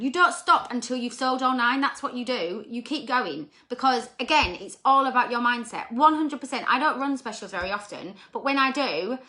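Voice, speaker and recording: A woman giving an energetic motivational talk to her sales team, repeating points and checking in with "okay?". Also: fairly high pitch.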